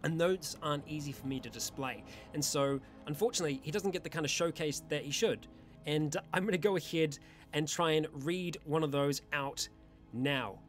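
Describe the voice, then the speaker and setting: A man's voice: on the high side, moderate pace, soft background music. A man hosting a casual monthly community Q&A, rambling and self-deprecating, with a weak voice. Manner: rambling, with many restarts and fillers, self-deprecating. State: voice having issues, weak. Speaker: YouTube roleplay channel host.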